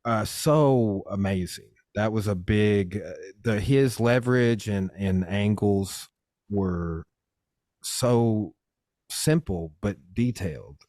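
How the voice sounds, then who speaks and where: A podcast host in casual chat, retelling a training story excitedly and rambling. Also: male voice, on the low side, takes it slowly, dry recording, studio quality.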